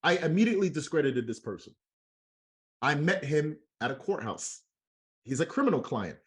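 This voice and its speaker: A young man tells a story at a motivational training session. He is slangy and animated and acts out the dialogue as he goes. His voice sits a little high and swings a lot in pitch. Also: moderate pace. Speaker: MLM trainer.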